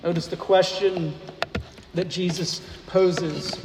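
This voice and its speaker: A man preaching a sermon, speaking slowly and deliberately and asking rhetorical questions of the congregation. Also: high-pitched, fairly even intonation. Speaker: pastor. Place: church sanctuary. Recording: echoey hall, faint noise.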